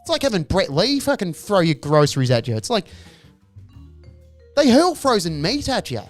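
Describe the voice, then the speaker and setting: Male comedian, animated and exasperated, swearing, with soft music in the background. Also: sits high, moderate pace. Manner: exasperated ranting, profane, acts out noises. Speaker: stand-up comedian, podcast host. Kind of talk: comedic monologue.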